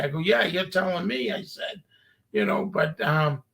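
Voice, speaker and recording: A man's voice: high voice, lively intonation, normal speed, gravelly, fairly bright tone. A man from Revere, a guest telling stories in casual chat and acting out the people he quotes. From Revere, Massachusetts. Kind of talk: casual storytelling.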